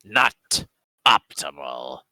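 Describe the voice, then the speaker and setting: A man's voice: extremely low pitch, very animated, extremely slow, bright, forceful tone, no echo, voice pushed down, exaggerated voice, low-quality recording. A man voicing a male lizardfolk adventurer who speaks in blunt, broken phrases.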